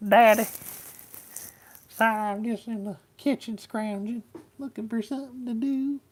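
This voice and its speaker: Squeaky, sing-song Southern-accented pet dog, big, playful, curious, put on by a man. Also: unhurried. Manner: high, sing-song, whiny. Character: playful male Great Pyrenees dog, Southern.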